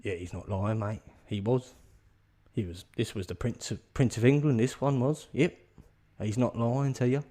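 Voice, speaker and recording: A man's voice: mid-range voice, moderate pace, dark tone, lightly acted. A man doing a matter-of-fact Aussie workmate. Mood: assuring.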